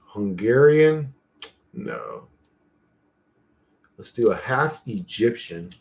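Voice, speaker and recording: A man's voice: on the low side, huge pitch swings, extremely slow, gravelly, darkish tone, a little hiss or hum. A man hosting his own channel, chatting loosely and profanely to himself while he tinkers at his computer. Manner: loose, profane, talks to himself while clicking through an image generator. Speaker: channel host. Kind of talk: casual rambling chat.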